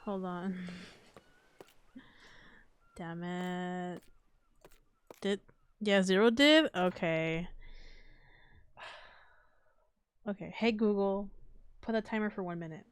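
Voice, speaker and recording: Woman streamer muttering through a late-night game, kinda high voice, keeps it quiet, swears a lot. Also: takes it slowly, pauses often, clean tone. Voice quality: slightly high, a little strange voice. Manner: keeping her voice down late at night, swearing freely. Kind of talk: casual live-stream gameplay chat.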